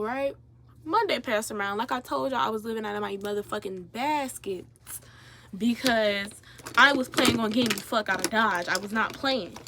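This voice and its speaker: A young woman telling a story casually as she gets ready on camera, animated and profane, turning loud when she gets riled up. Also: fairly high pitch, a little hiss or hum. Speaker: vlogger.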